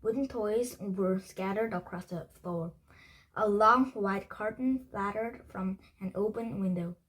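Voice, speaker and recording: A woman reading a children's chapter book aloud, halting with frequent restarts and slips. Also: mid-range voice, a bit bright, husky, poor audio. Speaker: storybook reader.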